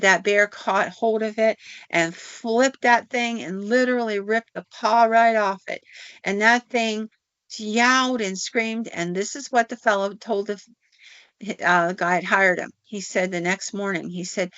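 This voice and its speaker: A woman's voice: mid-range voice, a bit bright, no echo. A woman podcast host narrating a folk tale in a folksy, drawling way with casual fillers. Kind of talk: storytelling narration. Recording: dull, dry recording.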